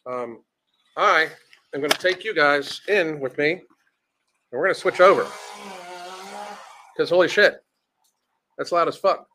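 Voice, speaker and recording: A man's voice: a little high, a little slow, long pauses, sharp tone, a little hiss or hum. A man hosting reaction commentary, ranting bluntly and swearing often. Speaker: commentary host.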